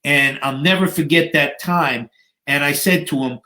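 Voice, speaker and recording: A man's voice: on the high side, a little slow, sharp tone. Man in his fifties telling a story dramatically. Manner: vivid, dramatic storyteller who acts out scenes. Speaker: guest, bodybuilder and fitness coach. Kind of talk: storytelling in an interview. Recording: echoey room.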